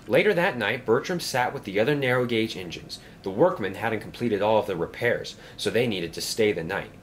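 A man reads a children's train story aloud in an expressive way. His pitch rises and falls a lot. A faint ambience sits in the background. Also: normal speed, a little hiss or hum. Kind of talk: storybook narration.

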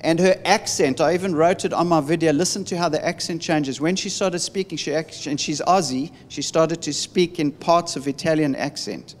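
Male minister, slightly high voice, lively storyteller, heard in a reverberant space. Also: normal speed, hardly any pauses, slight background noise. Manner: animated storytelling with many restarts. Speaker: deliverance minister. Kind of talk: conversational teaching.

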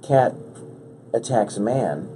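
A man hosting a podcast, chatting casually in a rambling, halting, joking way. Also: mid-range voice, expressive, warm tone, slight background noise. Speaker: podcast host. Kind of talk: casual chat.

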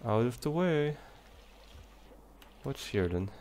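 A man giving relaxed, chatty commentary while playing a game, talking to the creatures on screen. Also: mid-range voice, slow, a little hiss or hum. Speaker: let's play gamer. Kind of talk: casual gameplay commentary. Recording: faint game music behind.

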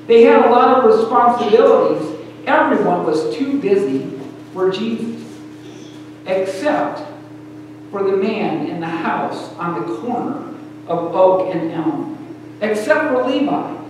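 Male preacher, storytelling sermon, higher voice, roomy hall sound with faint hum. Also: expressive. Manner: storytelling preacher, pausing often in short phrases. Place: church sanctuary. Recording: echoey hall, distant mic, faint hum.

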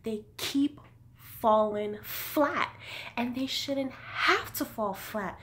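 A woman giving a casual spoken film review, excitable and profane, often exclaiming and acting out scenes. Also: fairly high pitch, extremely slow, a little hiss or hum. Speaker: movie reviewer.

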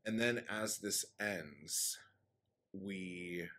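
Very deep-voiced man, slow rambling recap. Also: sharp tone. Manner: loose and rambling, many "um" and "like" fillers, blunt swearing. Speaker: author summarizing his story. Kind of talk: casual spoken recap.

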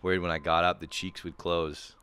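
A man's voice: deep voice, level tone, brisk, pushed and bright, clean tone. A man hosting a podcast in crude, joking casual chat, teasing his guest. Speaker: podcast host.

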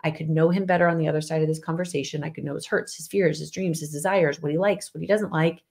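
A woman's voice: deep voice, steady tone, fast talker, gravelly, darkish tone. A woman co-hosting a podcast, talking casually and emphatically with her husband, laughing often. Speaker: podcast co-host. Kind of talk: casual conversation with spouse.

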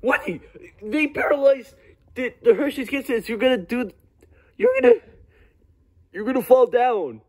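A man voicing an excitable plush plumber toy in a homemade plush skit, breaking into sudden high yelps. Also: moderate pace, full character voice. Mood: alarmed.

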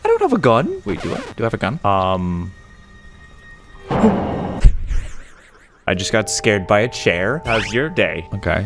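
A man playing a horror game, giving jumpy, excitable let's play commentary straight to his viewers. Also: fairly low pitch. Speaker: gaming YouTuber. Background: faint game music.

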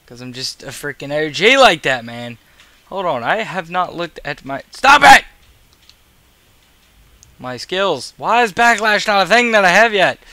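Tired male gamer with a bright, slightly high voice, recorded dry, swearing through casual gameplay commentary. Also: clean tone, dry recording. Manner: profane, grumbling, sarcastic. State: tired and yawning. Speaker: gaming video creator.

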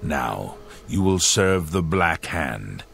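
A man voicing a sinister male assassin leader in a video game, speaking in a grave, measured, ceremonial way. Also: extremely low pitch, very animated, vocal fry, fairly bright tone, slight background noise, exaggerated voice. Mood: solemn.

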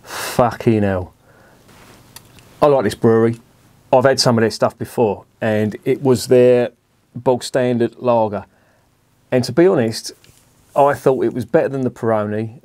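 A man talks through a beer review in a blunt, opinionated, sweary way. His voice sits a little low and sounds mellow. The sound is dry and close. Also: no room sound. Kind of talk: casual review monologue.

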